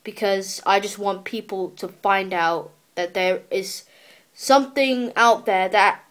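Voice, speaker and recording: A teenage girl vlogger with a fairly bright, mid-range voice records a personal video diary on a handheld camera. She speaks earnestly and emotionally, pleading, and often stops to start over.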